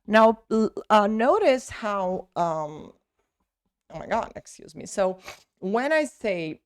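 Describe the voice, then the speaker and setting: Woman, English teacher, slow and melodic, dry close sound. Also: mid-range voice, lively intonation, smooth, no echo. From Brazil. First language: Portuguese. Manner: slow, drawn-out model words. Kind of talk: pronunciation lesson.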